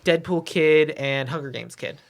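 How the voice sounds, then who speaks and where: Low-voiced woman cohosting a podcast, jokey and self-mocking, just chatting. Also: normal speed. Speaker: podcast co-host. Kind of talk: casual chat.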